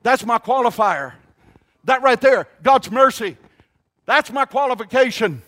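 High-voiced emphatic male preacher. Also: animated, fairly bright tone. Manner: emphatic, calls congregation to repeat phrases; halting restarts, drawn-out emphasis. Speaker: pastor. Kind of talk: sermon.

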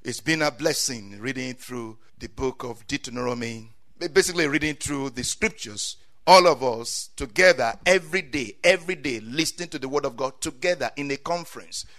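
A man preaching a sermon, swinging from quiet asides to loud cries and saying amen often. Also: medium pitch, normal speed, hardly any pauses.

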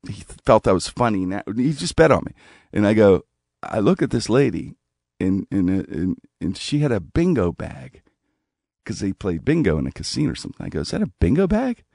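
Gravelly-voiced man telling a rambling story. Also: fairly low pitch, moderate pace, no echo, clean studio sound. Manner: rambling, animated anecdote with restarts. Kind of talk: casual storytelling.

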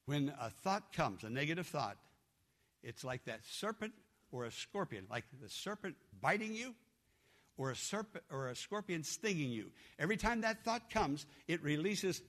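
A man's voice: sits high, bright, forceful tone. A man preaching a fervent, exhorting sermon as a pastor.

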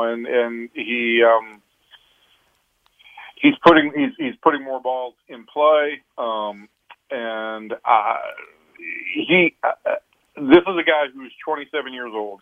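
Over a tinny phone line, a male baseball reporter analyzes a player during a radio phone interview. His voice is medium in pitch and his pace measured, and he often restarts his sentences.

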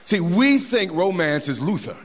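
A man preaching a sermon as pastor, animated and folksy, repeating words for emphasis. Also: high-pitched, normal speed, crowd noise, background noise. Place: church sanctuary. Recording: long hall reverb.

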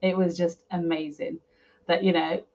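A woman's voice: on the low side, level tone, moderate pace, darkish tone. Frank middle-aged woman telling her story. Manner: frank, emotional, chatty with fillers. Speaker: guest, property developer. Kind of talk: candid personal storytelling. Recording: slightly dull lo-fi audio.

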